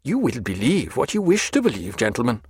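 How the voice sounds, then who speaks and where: A man's voice: mid-range voice, wildly swooping pitch, a little fast, slightly rough, heavily acted. A man voicing a composed naval doctor who answers questions with dry, precise, formal evasions.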